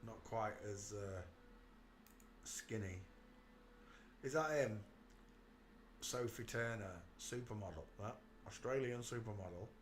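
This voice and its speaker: Slowly and with frequent pauses, a man with a fairly low voice hosts his channel, ridiculing photos, talking to the viewer, and bursting into laughter. Slight background noise is present.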